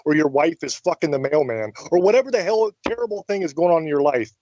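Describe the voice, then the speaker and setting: A man's voice: a little high, expressive, fast, a little mellow, dry recording. A man hosting a radio interview, speaking emphatically and enthusiastically, swearing casually. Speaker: radio show host. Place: radio studio. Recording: dry, muffled radio audio.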